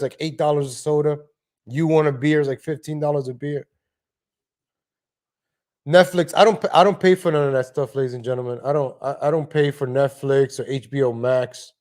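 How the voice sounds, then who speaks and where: Man, livestream host, casual rant, rambling, slightly high voice, home desk mic. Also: a little mellow. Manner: rambling, frequent restarts and asides. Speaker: live stream host. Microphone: home desk microphone.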